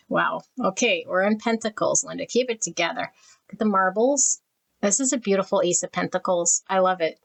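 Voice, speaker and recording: A middle-aged woman doing a tarot reading enthuses over every card and becomes emotional while flipping through the deck. Her pitch is medium, and the recording quality is low.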